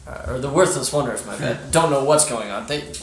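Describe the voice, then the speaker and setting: A man's voice: mid-range voice, fairly quick. Storyteller, male, hesitant improv narration, echoey room, faint hiss. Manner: hesitant, laughing asides. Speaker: podcast storyteller. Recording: roomy echo.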